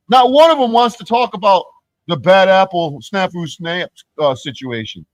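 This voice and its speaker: Male streamer, impassioned and profane, wildly swinging pitch, fairly high voice, dry sound. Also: expressive, moderate pace, dry recording, rough recording. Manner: mimics others in sing-song voices; laughs between points. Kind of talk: ranting livestream monologue.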